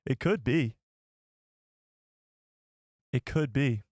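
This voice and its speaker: A man's voice: medium pitch, drawn-out words, a little mellow, no room sound, studio quality. A young man hosting a casual live stream, chatty and jokey, thinking aloud with fillers as he reads out viewer comments.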